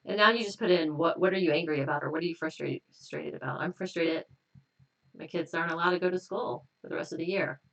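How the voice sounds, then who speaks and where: A woman hosts a live stream as a hypnotist, laughing often and chatting casually while leading a tapping exercise full of repeated affirmations, a touch tired. Her lowish voice is quick with vocal fry, recorded from a distance in low quality.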